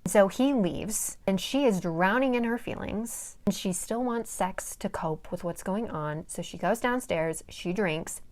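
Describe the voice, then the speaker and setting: A woman's voice: medium pitch, unhurried, hardly any pauses, darkish tone. A young woman casually recapping a novel's plot, chatty and dramatic, swearing and making asides, sometimes reading passages aloud. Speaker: book summary vlogger.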